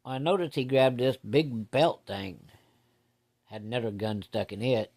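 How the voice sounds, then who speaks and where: A man's voice: mid-range voice, a little slow, a little mellow. A man telling a personal story from his childhood in a rambling, folksy, plain-spoken way.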